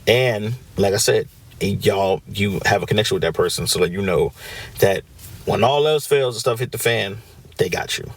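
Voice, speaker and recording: A man hosting a podcast, talking casually on his own, often checking in with "right?" and acting out what friends say. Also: on the low side. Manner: conversational, frequent "right?" check-ins, acts out quoted friends. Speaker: podcast host. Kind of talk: casual solo podcast talk.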